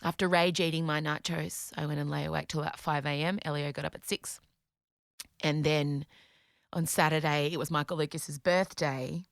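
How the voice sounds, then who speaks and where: A woman, hosting a podcast and retelling a story in an animated, dramatic way with some swearing. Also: deep voice, moderate pace, gravelly, dry recording, clean studio sound. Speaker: podcast host. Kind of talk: comedic storytelling.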